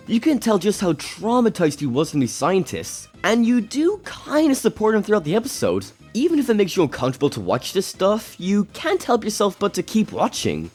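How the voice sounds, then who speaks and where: A young man giving scripted video-essay commentary, sarcastic and expressive, with casual swearing. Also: medium pitch. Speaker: YouTube show reviewer.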